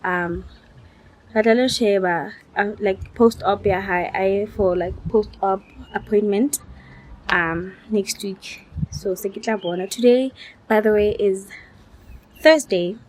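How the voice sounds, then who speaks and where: A woman's voice: medium pitch, takes it slowly. A young woman, tired, chatting casually to her vlog audience and dropping in Sesotho phrases. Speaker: vlogger.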